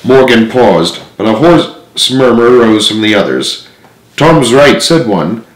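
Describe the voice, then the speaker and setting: A man's voice: lowish voice, lively intonation, a little slow, reverberant, poor audio. A man in his thirties reading a classic novel aloud, narrating steadily in the first person. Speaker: storyteller.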